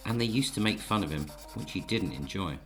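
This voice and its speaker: A man tells a children's story in a gentle, coaxing way while he sketches the pictures. His voice is deep and unhurried, and he keeps turning to the listener with little questions. Faint music plays in the background. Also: expressive. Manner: gentle, coaxing, speaks to the audience. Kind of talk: storybook narration while drawing.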